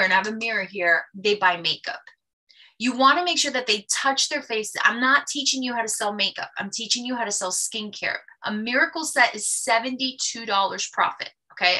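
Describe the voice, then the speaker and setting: Bright, lively woman sales trainer. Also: mid-range voice. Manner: energetic, acts out customer dialogues. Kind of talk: class teaching sales tips.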